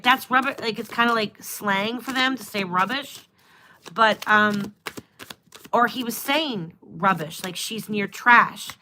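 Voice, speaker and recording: Bright-voiced woman musing over tarot cards. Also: mid-range voice, slight background noise. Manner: musing, trailing off, asking the cards questions. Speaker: tarot and astrology reader. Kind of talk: live-stream tarot reading.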